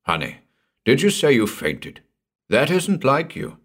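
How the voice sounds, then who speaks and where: A man voicing a burly, jovial middle-aged doctor with a booming, hearty voice. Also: huge pitch swings, measured pace. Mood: gruff.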